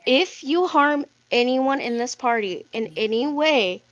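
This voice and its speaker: A woman reading out an angry letter from a young woman character, spoken at normal volume rather than shouted. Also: sits high, lively intonation, unhurried, dull audio. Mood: stern, threatening. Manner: read aloud at talking volume, not yelled.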